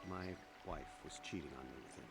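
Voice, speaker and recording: A man's voice: brisk, over music. An actor playing a nervous, defensive middle-aged man questioned about a murder in a video game. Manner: defensive, agitated, lively pitch.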